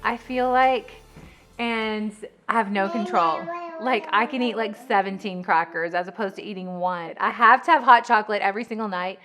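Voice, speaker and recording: A pregnant woman vlogging to camera in a chatty, fast, filler-heavy way, a little out of breath. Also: medium pitch, music in the background. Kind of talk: casual chat to camera.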